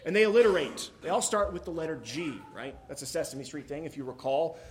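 A pastor preaches in a church, first reading scripture and then talking it through. His male voice sits a little high, and his delivery is relaxed and chatty, with joking asides and the odd "uh" along the way. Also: fairly quick. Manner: conversational, joking asides, some fillers.

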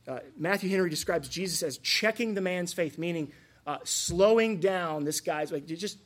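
A man preaching a sermon, earnest and conversational, with asides and rhetorical questions to the congregation. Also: on the high side. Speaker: pastor.

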